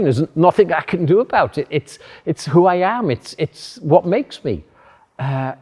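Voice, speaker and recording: Preacher guy, earnest and measured, bit higher voice, long echo round the hall. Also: darkish tone. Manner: earnest, measured, with thoughtful pauses. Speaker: pastor. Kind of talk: sermon. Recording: echoey hall.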